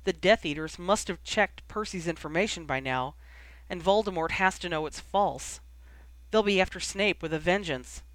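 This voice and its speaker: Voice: moderate pace, a bit bright, no echo, lightly acted, poor audio. A reader doing an earnest, protective young man. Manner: earnest, reassuring, low muttering.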